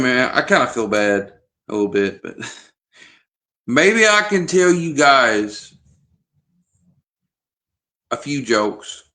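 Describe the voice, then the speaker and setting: A man's voice: mid-range voice, fairly bright tone. A man vlogging in a casual chat to camera, rambling and hesitant with frequent restarts.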